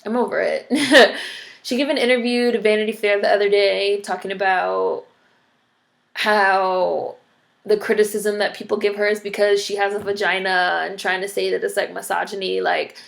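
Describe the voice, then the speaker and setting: A woman's voice: medium pitch, steady tone, moderate pace, gravelly. A woman vlogger giving a casual ranting commentary, blunt and profane, peppering her talk with "like". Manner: blunt, profane, filler-heavy with frequent "like".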